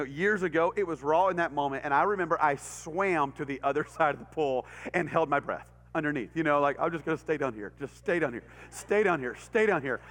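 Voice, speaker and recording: A middle-aged man with a Texan accent preaches to a college crowd, spinning a story and acting out the voices and sound effects. His voice sits high and bounces all over the place. Long reverb from the church hall trails behind his words. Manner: animated, acts out voices and sound effects, laughs often. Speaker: pastor. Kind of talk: storytelling sermon.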